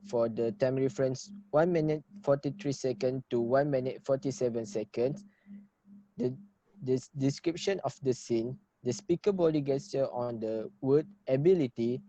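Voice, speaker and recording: A young student presents his section of a class project. His voice is deep and very mellow, and he reads hesitantly with many fillers and restarts. The sound is dry and close, with no room echo. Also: lo-fi sound. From Malaysia. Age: young adult.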